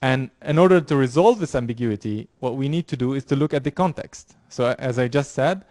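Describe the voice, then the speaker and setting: A man lecturing a university class explains concepts haltingly, with many fillers, repeated words, and restarts. His middle-pitched voice has a darkish tone and is recorded dry, with almost no room echo.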